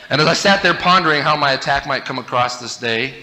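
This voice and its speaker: Guy on stage telling funny family stories, really bright voice, laughs a lot, faint hiss behind. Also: on the high side, fast, few pauses. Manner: animated, comic, laughing through the story. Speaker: motivational speaker. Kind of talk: humorous storytelling talk. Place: stage before a live audience.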